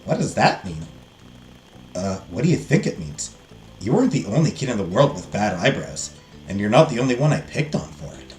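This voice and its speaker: A bored teenage boy mutters in a low, flat, deadpan voice, voiced by a man. He sounds blunt and disinterested. There is a roomy echo with soft music behind. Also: normal speed.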